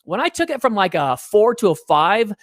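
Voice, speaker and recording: Middle-aged guy on an interview, super lively pitch, dry mic, acts out quotes. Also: moderate pace, dry recording. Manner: animated storyteller, acts out quotes. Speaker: guest. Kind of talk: conversational interview.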